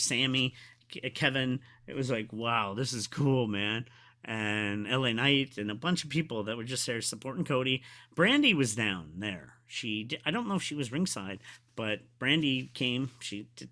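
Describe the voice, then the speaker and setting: A man reviewing a wrestling event in a casual, excitable, rambling way, with many fillers, sometimes going soft and quiet. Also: medium pitch. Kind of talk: casual solo video review.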